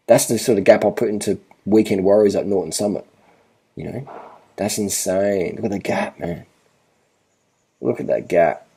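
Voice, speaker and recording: A man's voice: lowish voice, moderate pace, dark tone, slightly rough. A man gives casual commentary over race footage in a blunt, profane way, repeating himself for emphasis. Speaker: cycling vlogger.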